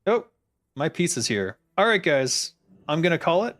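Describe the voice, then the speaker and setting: A man's voice: on the high side, big pitch swings, normal speed, a bit bright. A man chatting casually as he plays through a game, laughing often and poking fun at himself. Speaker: game designer streamer. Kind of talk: casual gameplay commentary.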